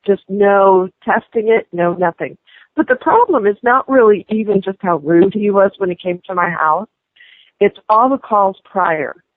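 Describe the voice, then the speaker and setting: A woman's voice: mid-range voice, unhurried, dry recording. A woman venting angrily on a phone call about a repair, indignant and ranting. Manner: indignant, ranting, escalating to shouting. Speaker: prank call target. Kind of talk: angry phone complaint. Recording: tinny phone line.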